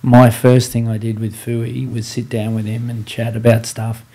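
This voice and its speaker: A man hosting a podcast interview, calmly recounting a player's story. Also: medium pitch, normal speed, breathy edge. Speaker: podcast host. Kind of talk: casual interview chat.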